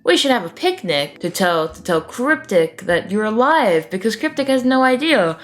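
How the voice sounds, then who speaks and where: A woman voicing a young woman who desperately wants her found family together, in high pleading squeals. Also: sing-song, moderate pace, lightly acted. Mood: cheery.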